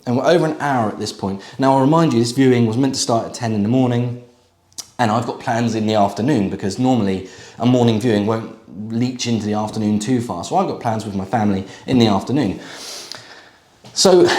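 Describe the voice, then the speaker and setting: A man's voice: mid-range voice, a little fast, darkish tone. Chatty man in an echoey room. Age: middle-aged. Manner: chatty, conversational, with frequent fillers and asides. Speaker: used car dealer. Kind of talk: casual storytelling to camera.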